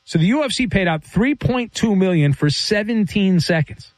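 A man's voice: high voice, lively intonation, normal speed, dry recording. A man hosting a sports talk radio show, opinionated and rambling as he argues with callers and tells stories.

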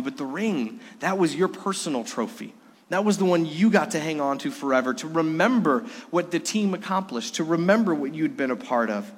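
A middle-aged male pastor preaching a sermon during a Sunday service, earnest, swinging between loud emphasis and hushed moments. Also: fairly high pitch. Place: church sanctuary during a worship service. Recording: long hall reverb.

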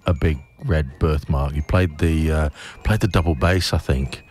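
A man's voice: extremely low pitch, normal speed. A man hosting a comic trivia monologue, rambling from fact to fact, correcting himself and chuckling. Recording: loud music behind.

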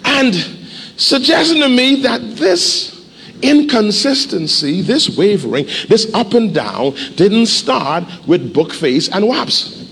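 A man pastor preaching a sermon in a church, animated and urging the congregation to respond. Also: high-pitched, slow, creaky, breathy edge, big-room sound. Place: church sanctuary.

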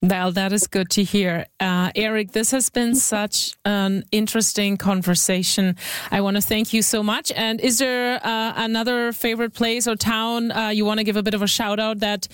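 A woman's voice: mid-range voice, steady tone, moderate pace, clear, resonant tone, dry recording. A woman hosting a radio show, friendly and conversational with some stumbles. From Saskatchewan, Canada. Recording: dry studio with faint music.

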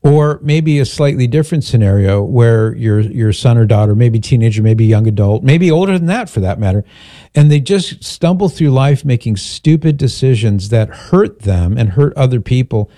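A man's voice: mid-range voice, animated, moderate pace, warm tone, dry recording, clean studio sound. An older man, a grandfather, hosting a call-in radio show, speaking earnestly and reflectively with frequent restarts.

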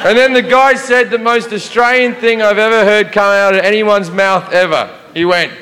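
Brash, bright-voiced male stand-up comic. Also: sits high, steady tone. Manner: brash, profane, fast storytelling with stammered restarts. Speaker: stand-up comedian. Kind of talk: stand-up storytelling. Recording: live stand-up in a reverberant hall.

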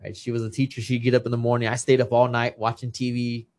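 A man, a retired boxer, is a guest in a casual chat. He tells an emotional personal story with deep feeling. His voice sits at an ordinary middle pitch. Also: level tone, fast, a little mellow. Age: 30s. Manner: emotional, earnest, quotes others' words.

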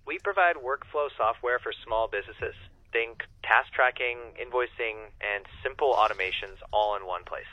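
A male-sounding AI phone agent giving upbeat, polite, scripted customer service replies in a smooth sales tone over a dull lo-fi line. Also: medium pitch, normal speed, no echo.

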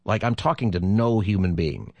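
Male radio host, 50s, low and lively, rambling and chatty, dry close sound. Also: normal speed, creaky, no room sound. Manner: animated, rambling and chatty, laughs easily. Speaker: radio show host and pastor. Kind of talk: call-in radio talk.

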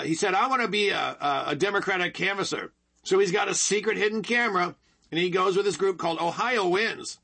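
High husky guy doing a political rant show, repeats himself a lot, keeps saying folks. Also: bright, forceful tone. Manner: emphatic and repetitive, keeps addressing listeners as folks. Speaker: political talk show host. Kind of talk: opinionated political commentary monologue.

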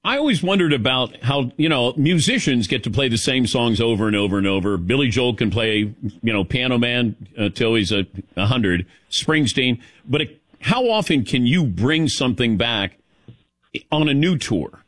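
A man hosting an interview, easygoing and quick to laugh as he asks questions. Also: mid-range voice, lively intonation, fairly bright tone, no room sound. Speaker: interviewer, host. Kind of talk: casual interview chat.

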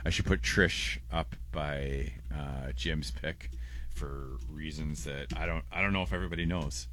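A man's voice: a bass voice, steady tone, measured pace, fairly bright tone. A man co-hosting a casual radio show, reading listener messages with a rambling, stammering delivery and frequent laughs.

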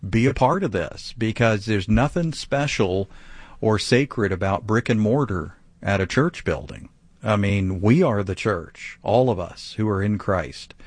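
A pastor with a lowish voice takes a caller's question on a teaching show, preaching at a measured pace yet in an animated, emphatic manner that pushes hard on his points. The recording is dry and close, free of room echo.

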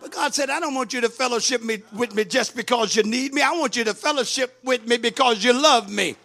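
A man preaching a sermon, reading and explaining scripture, building up to emphatic shouts. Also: very high voice, a little fast, gravelly. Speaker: pastor.

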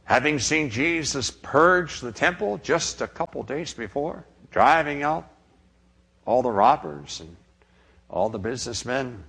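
A man preaching a sermon, dramatic in delivery and dropping to a hush on quoted words. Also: mid-range voice, animated, measured pace, husky.

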